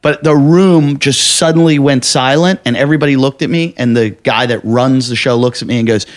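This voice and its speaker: A man's voice: medium pitch, brisk, few pauses. A man, a comedian and podcast host, telling stories in a casual chat and acting out other people's lines with big swings of voice.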